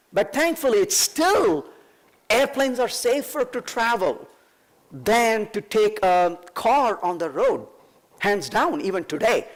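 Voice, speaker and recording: A man giving a conference keynote on stage, talking in an emphatic, conversational way and asking the audience rhetorical questions. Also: high-pitched. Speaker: keynote speaker.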